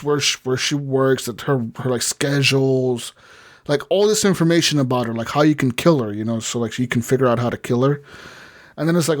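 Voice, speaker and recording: A man co-hosting a podcast, retelling a game story in a rambling, profane way. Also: medium pitch. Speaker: podcast co-host. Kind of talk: casual podcast chat.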